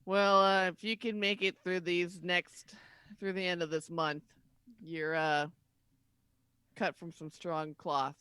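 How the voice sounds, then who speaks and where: A woman's voice: on the low side, little pitch movement, takes it slowly, long pauses, sharp tone, smooth, dry recording. A woman voicing a tired, world-weary woman police detective.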